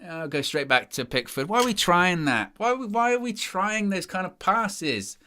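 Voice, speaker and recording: A man's voice: sits high, expressive, normal speed, bright, forceful tone. A man giving live watchalong commentary as a fan presenter, exasperated and sarcastic about his team's play.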